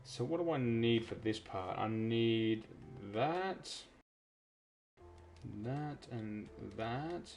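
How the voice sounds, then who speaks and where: A man from South Australia with an Australian accent, giving chatty, excitable live commentary while streaming a game. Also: mid-range voice, drawn-out words, soft background music. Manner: chatty, excitable, self-interrupting. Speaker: gaming streamer.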